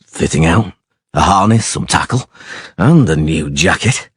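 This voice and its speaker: A man voicing a gruff, dry-witted monster hunter, speaking low and terse, a little deeper than his own voice. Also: expressive, unhurried, no echo, heavily acted. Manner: low, terse, dryly sarcastic.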